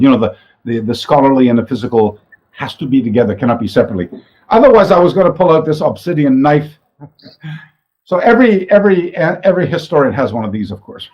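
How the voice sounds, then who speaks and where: A man speaks in a middle-pitched voice, thoughtful and rambling as he explains ideas and often restarts his sentences. The recording sounds slightly dull and lo-fi. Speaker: martial arts teacher. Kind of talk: reflective talk to camera. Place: his own training space, indoors.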